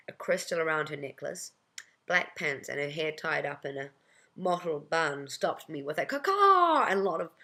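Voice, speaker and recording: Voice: medium pitch, fairly bright tone. A storyteller telling a personal anecdote in a wry, conversational way.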